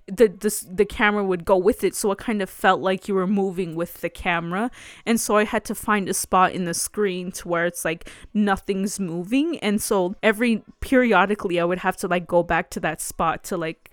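Chatty young woman, smooth dry voice. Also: medium pitch, dry recording. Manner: chatty, rambling, many fillers and restarts. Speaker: vlogger. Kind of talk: casual storytelling vlog.

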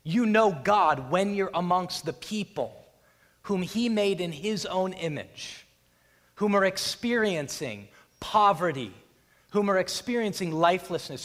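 A man's voice: high-pitched, a bit bright. A man preaching a sermon, retelling a scripture scene with drama and acting out the voices of its people. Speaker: pastor. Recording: long hall reverb.

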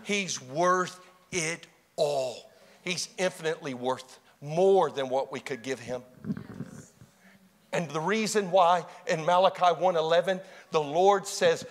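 A man preaching a sermon, swinging from hushed, intimate passages to loud, shouted exclamations. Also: a little high, slow pace, big-room sound.

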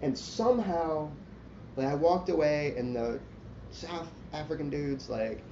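A man's voice: a little high, measured pace, dark tone. A man telling a long, profane story in casual chat, rambling and self-mocking and full of "like". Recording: roomy, dull lo-fi sound with faint hiss.

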